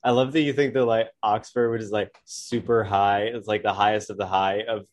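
A man's voice: lowish voice, steady tone, fairly quick. A young man co-hosting a casual podcast, telling stories in a rambling way full of likes and ums. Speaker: podcast co-host. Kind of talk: casual storytelling chat.

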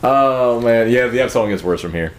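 A man's voice: mid-range voice, lively intonation, moderate pace, slight background noise. A man hosting a podcast with loose, joking banter and plenty of swearing. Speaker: podcast host.

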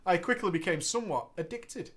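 A man with a high voice talks fairly quickly while reading a gaming story on a casual podcast he co-hosts. His delivery is playful and expressive, full of banter and frequent laughs.

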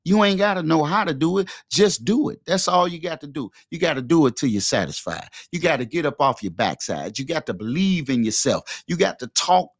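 A man's voice: fairly high pitch, animated, brisk, hardly any pauses, no echo. A man hosting a podcast with a fervent, preachy motivational monologue, speaking into a close microphone. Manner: fervent, preachy, repetitive exhortations. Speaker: podcast host. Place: quiet room.

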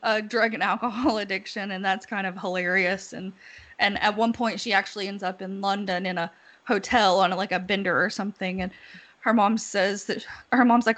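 A woman's voice: medium pitch, moderate pace, fairly bright tone. A woman casually chatting as a podcast co-host, laughing often as she retells what she has heard. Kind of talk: casual chat.

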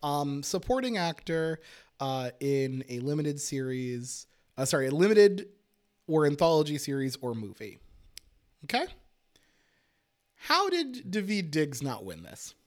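A man co-hosting a podcast in casual chat, launching into excitable, laughing rants with plenty of swearing. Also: fairly high pitch, measured pace, pauses often. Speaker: podcast co-host.

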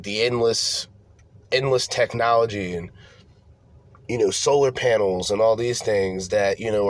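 Profane ranting podcast man. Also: on the low side. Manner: animated, profane, rambling with repeated restarts. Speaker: podcast host. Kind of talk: casual profane rant.

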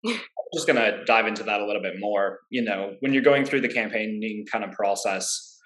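A man's voice: on the low side, brisk, a bit bright. A man co-hosting an interview, asking long, hesitant questions full of restarts and fillers. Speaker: guest co-host, interviewer. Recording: roomy echo.

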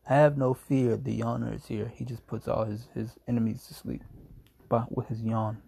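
Young man, very gravelly fry, deep dark tone, sleepy, yawning, rambling podcast chat. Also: completely flat delivery, moderate pace, a little hiss or hum. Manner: laid-back, rambling, jokey, says man a lot. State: groggy and yawning, just woke from a nap. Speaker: podcast host. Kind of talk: casual solo podcast chat. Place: at home.

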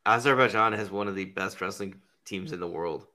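A man's voice: sits low, a little fast, bright, forceful tone. A man hosting a podcast, rambling through crude, profane comedic banter and laughing at his own jokes. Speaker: podcast host.

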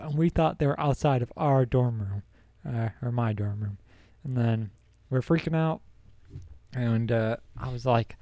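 Young male podcast host, warm mellow tone, dry close sound, laid-back storyteller who laughs a lot. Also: medium pitch, moderate pace, no echo. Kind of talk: casual storytelling.

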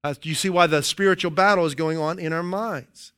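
A man preaching a sermon, emphatic and playful, repeating key phrases and reading scripture slowly. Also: a little high, steady tone, pushed and bright, clean tone. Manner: playful asides, chuckles at his own jokes.

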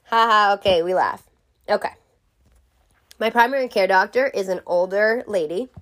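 A woman's voice: medium pitch, moderate pace, fairly bright tone, slight background noise. Profane, jokey woman telling a story. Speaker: vlogger. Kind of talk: casual storytelling to camera.

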